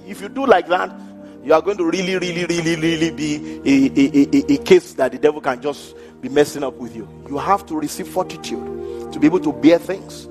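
A man pastor preaching a sermon in a church hall, acting out the people he quotes and laughing between his points. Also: high voice. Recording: church hall with long reverb and faint music.

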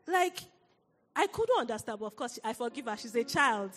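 A woman preaching a sermon, telling a personal story in an animated way and laughing often. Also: a little high, normal speed, big-room sound.

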